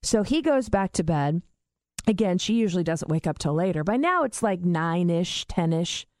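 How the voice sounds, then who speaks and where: A woman in casual chat telling a family story with lively energy. She swears freely and acts out her relatives' voices. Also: on the low side, moderate pace, no echo.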